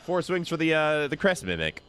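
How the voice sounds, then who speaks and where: A man's voice: on the high side, sing-song, a little fast, fairly bright tone, clear, resonant tone. A man streaming a game live, chatting casually to his viewers as he plays. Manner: casual, chatty, talks to chat. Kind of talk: live gameplay commentary.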